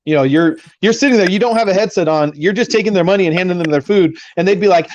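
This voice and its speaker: A man's voice: high-pitched, rapid-fire, hardly any pauses, darkish tone. A man hosting a casual trucker round table, rambling a little as he tells stories. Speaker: host trucker. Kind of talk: casual chat. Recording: dull lo-fi line with faint noise.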